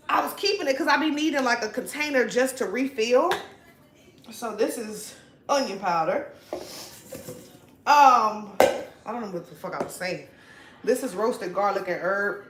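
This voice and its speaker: A young woman chatting casually while cooking at home, profane and laughing often, her voice swinging between loud and soft. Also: on the high side, lively intonation, normal speed, long pauses. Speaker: vlogger. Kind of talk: casual cooking vlog chat. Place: home kitchen. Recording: echoey room, faint noise.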